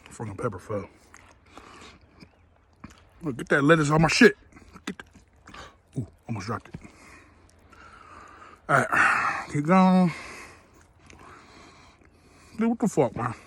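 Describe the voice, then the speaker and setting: A man's voice: fairly high pitch, sing-song, slow, long pauses, a bit bright, slightly rough. Profane man griping through a spicy food review. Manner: profane, blunt and crude; talks while chewing. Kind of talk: casual food review vlog.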